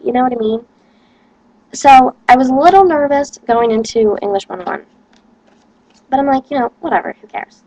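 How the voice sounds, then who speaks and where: A woman's voice: fairly high pitch, animated, normal speed, long pauses, warm tone, no room sound, dull audio. A young woman, a college student, rambling casually to camera and complaining with lots of "like". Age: young adult.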